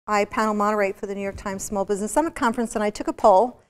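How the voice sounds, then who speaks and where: A woman's voice: medium pitch, steady tone, rapid-fire, clear, resonant tone. A woman giving a university business lecture, telling stories with energy and throwing rhetorical questions at the audience. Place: large lecture hall. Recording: long reverb of a lecture hall.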